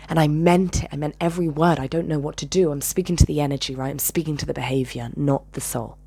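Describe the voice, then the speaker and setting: A woman with a low, husky voice recounts a personal story. She speaks with intensity, swears freely, and swings between raised, emphatic phrases and hushed whispers. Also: fairly even intonation, quick pace, few pauses. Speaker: channel host.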